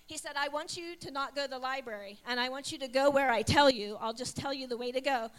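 Pastor's wife telling her testimony, high voice, brings the story to life acting out the quotes. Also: quick pace. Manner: animated storytelling with acted quotes. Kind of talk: testimony sharing.

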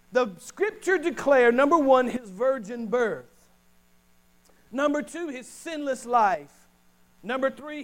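A pastor with a strikingly high-pitched voice delivers a sermon in a church sanctuary, stretching out and hammering his key phrases. A steady mains hum runs under the recording. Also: low-quality recording. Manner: emphatic preaching with slowed, punched phrases and call-and-response.

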